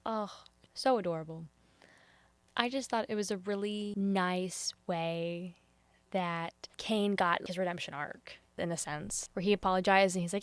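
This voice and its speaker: A woman giving a casual spoken review of a show, earnest and openly emotional, with sudden excited jumps, soft near-whispers and hesitant restarts. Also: fairly low pitch, normal speed, clear, resonant tone, no echo.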